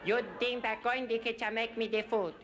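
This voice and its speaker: A man's voice: extremely high pitch, flat delivery, a little fast. A timid foreign man, broken English. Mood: sheepish. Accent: thick put-on foreign accent. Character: timid foreign man doing clumsy impressions.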